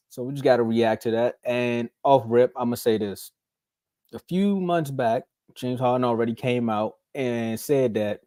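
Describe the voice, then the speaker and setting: A man hosting a casual sports talk show, animated, acting out what players might say in playful put-on voices. His voice is mellow and warm, recorded close and dry with no room sound. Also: medium pitch, moderate pace, dry recording. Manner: animated, acts out quotes in mocking voices. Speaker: sports podcast host.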